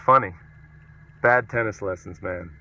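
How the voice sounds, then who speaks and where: A tennis coach and podcast host speaks with a gravelly, sharp voice on the low side, a little slow. He talks casually but emphatically, reads out viewer comments, and repeats a punchy catchphrase, all over a dull, lo-fi mobile stream setup.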